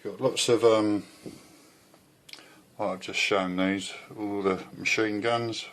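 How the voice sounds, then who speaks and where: A man's voice: lowish voice, steady tone, takes it slowly. A man reviewing a model kit in a chatty, rambling way at home. He is a bit out of breath, swears now and then and often loses his thread.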